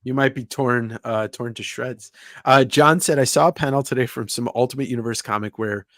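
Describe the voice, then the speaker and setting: A man's voice: mid-range voice, brisk, a bit bright, dry recording. Guy hosting a stream, mid voice, reads chat, dry close mic, chill slangy talk. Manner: reads chat comments aloud, joking banter; says "hella", swears casually. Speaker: podcast host. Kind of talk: casual livestream chat.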